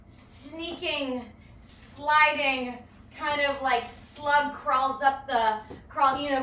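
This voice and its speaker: A woman's voice: sits high, sharp tone, distant mic, slight background noise. A woman teaching a live-streamed dance lesson, counting beats aloud in a playful, encouraging way. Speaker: dance instructor. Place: home or studio room. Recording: echoey room, voice from afar.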